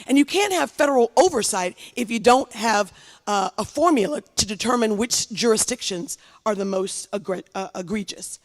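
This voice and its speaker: A woman's voice: on the high side, lively intonation, moderate pace, long reverb tail. A congresswoman giving an impassioned speech at a commemoration, repeating phrases for emphasis. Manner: impassioned, rising to rallying calls.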